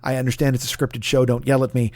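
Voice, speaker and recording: A man's voice: mid-range voice, level tone, quick pace, a little mellow, no echo. A man in his forties hosting a podcast, talking casually with a profane, rambling, mock-boastful manner. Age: 40s. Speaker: podcast host. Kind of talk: casual comedic podcast plug.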